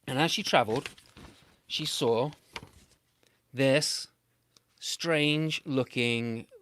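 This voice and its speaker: A British man making up a playful, animated children's story, with big swings between loud and soft. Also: medium pitch, extremely slow.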